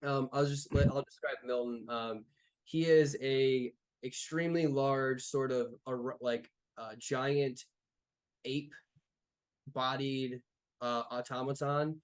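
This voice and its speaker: A male game master narrates a tabletop game in a loose, rambling way. He fills his scene descriptions with ums and likes. His voice is of middling pitch. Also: fairly even intonation, takes it slowly.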